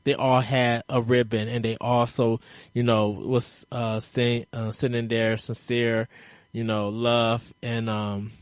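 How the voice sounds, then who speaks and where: A man's voice: medium pitch, flat delivery, takes it slowly, no echo. A man hosting a casual gaming podcast, rambling along with frequent ums and uhs. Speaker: podcast host.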